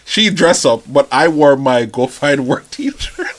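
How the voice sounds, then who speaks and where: A man telling a story in casual chat as a podcast guest, relaxed and rambling, with lots of fillers and laughs. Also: fairly high pitch, a little slow, a little hiss or hum.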